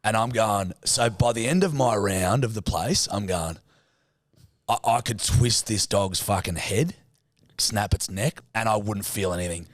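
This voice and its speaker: A man's voice: on the low side, unhurried, dry recording, clean studio sound. A man with an Australian accent, co-hosting a podcast and telling a story with lots of swearing. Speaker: podcast co-host. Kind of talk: casual chat.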